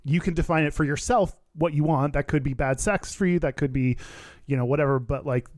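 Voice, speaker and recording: A man with a somewhat high voice co-hosting a podcast in casual chat. He explains his points earnestly, recorded dry and close with little room sound. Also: brisk, darkish tone, dry recording. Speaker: podcast co-host.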